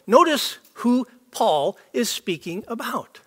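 A man's voice: fairly high pitch, lively intonation, moderate pace, fairly bright tone. A man preaching a sermon to a congregation, emphatic and repetitive for stress. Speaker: pastor. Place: church sanctuary. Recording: long hall reverb.

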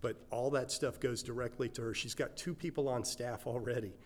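A man's voice: mid-range voice, steady tone, fairly quick. A man speaking earnestly to a church about supporting a mission, with occasional ums. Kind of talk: church announcement.

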